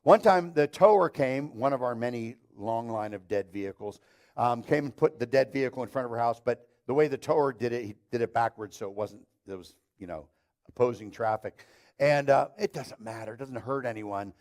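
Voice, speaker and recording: A man's voice: medium pitch, fairly quick, darkish tone. Man preaching a sermon, storytelling with wry humor. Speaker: pastor. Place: church stage.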